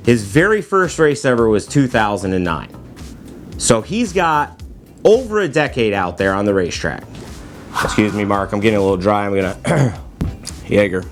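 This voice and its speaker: A man hosts a sports-preview vlog, joking and teasing his way through it in a self-mocking tone. His voice sits at an ordinary middle pitch. Light music plays faintly behind him. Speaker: host of a racing preview video.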